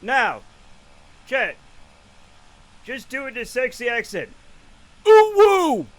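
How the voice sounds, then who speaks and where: A man's voice: very high-pitched, expressive, takes it slowly, sharp tone, low-quality recording. A man in his late forties chatting casually on a live stream, rambling, profane and self-mocking. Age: late 40s.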